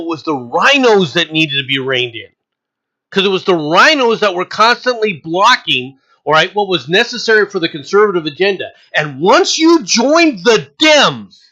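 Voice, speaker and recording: Sharp, sarcastic political ranter. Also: medium pitch, rough recording. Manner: sarcastic and mocking, with scornful laughs; emphatic, repeats points over and over. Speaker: political commentator. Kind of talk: ranting political commentary.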